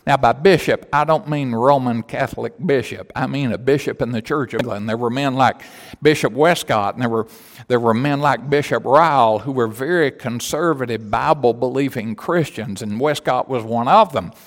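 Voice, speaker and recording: Emphatic preacher in a ringing church. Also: male voice, medium pitch, moderate pace, long reverb tail. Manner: storytelling that builds to loud, emphatic preaching with repeated phrases. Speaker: pastor. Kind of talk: sermon.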